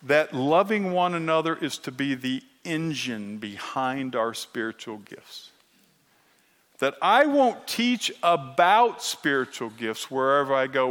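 A man preaching a sermon as pastor, emphatic and earnest, at times growing quiet and emotional. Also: medium pitch. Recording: long hall reverb.

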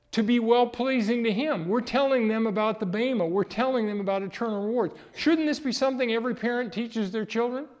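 A middle-aged man preaching a sermon as a pastor, emphatic and rising in force on key points, with a chuckle here and there. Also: high-pitched. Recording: long hall reverb.

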